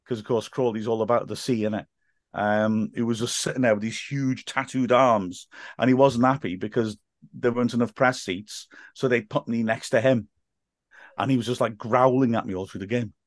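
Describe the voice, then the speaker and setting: A man who works as a football commentator, telling stories as a podcast guest in lively, laugh-filled casual chat. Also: mid-range voice, moderate pace, dry recording, clean studio sound. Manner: animated storyteller, laughs often, acts out quotes.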